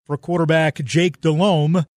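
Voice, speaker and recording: Brief: male documentary narrator, slightly high voice, measured scripted read. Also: dry recording, clean studio sound. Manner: measured, even storytelling delivery.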